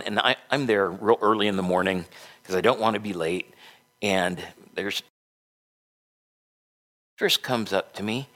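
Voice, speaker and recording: A man's voice: fairly low pitch, fairly bright tone. A middle-aged man preaching a sermon as a pastor, with folksy, conversational storytelling.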